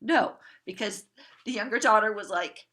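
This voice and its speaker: A woman coaching parents, telling a family story to a group in an animated way and acting out the people in it. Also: mid-range voice, normal speed. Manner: animated, acts out quoted family members.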